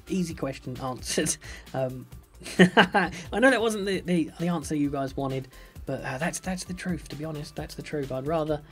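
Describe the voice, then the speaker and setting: His voice is slightly high and a little mellow. A young man playing a building game on a live stream, he keeps up playful, jokey, upbeat commentary, chatting with his audience and reading their questions out loud.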